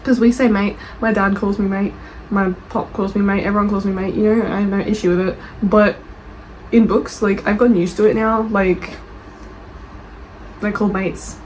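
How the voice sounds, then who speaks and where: An animated Australian woman in casual chat, her voice sitting at an ordinary middle pitch. She reacts quickly and defensively and swears without hesitation. A faint hiss sits under the voice. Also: low-quality recording. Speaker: book reviewer and author. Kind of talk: casual chat reading reviews aloud.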